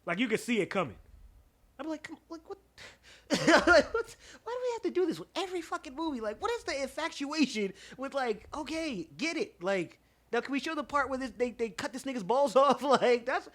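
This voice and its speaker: Young man, podcast co-host, bright lively voice, laughs through his stories. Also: extremely high pitch, fairly quick. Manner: animated, laughing storyteller, profane. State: stuffy nose. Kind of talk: casual storytelling chat.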